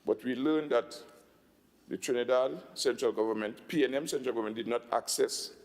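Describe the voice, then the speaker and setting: A man with a Tobagonian accent giving a budget speech in a legislative assembly, emphatic, slowing down to stress figures. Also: mid-range voice, darkish tone, in a large hall. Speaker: assembly secretary.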